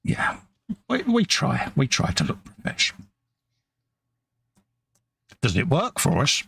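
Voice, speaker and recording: A man's voice: mid-range voice, wildly swooping pitch, takes it slowly, vocal fry, fairly bright tone, slightly rough. A man co-hosting a live model-building stream, joking around, teasing his co-host and greeting viewers in the chat. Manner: jokey, self-mocking, greets chat viewers. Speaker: livestream co-host. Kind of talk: casual banter while model building.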